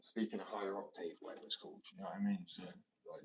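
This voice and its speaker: A man with a deep, mumbly voice, chatting casually on a stream, rambling, looping back on his point and swearing offhandedly. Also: very fast, hardly any pauses. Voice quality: naturally deep voice, mumbly when relaxed. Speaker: fingerboard streamer. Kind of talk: casual live-stream chat. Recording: built-in mic, a little distant.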